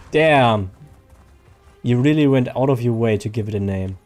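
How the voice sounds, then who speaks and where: A male game streamer talks in a loose, rambling way, greeting viewers by name as he plays. His pitch sits in an ordinary middle range, and soft game music plays underneath. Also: normal speed. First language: German. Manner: rambling, chatty, reads viewer names aloud. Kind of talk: casual stream chat.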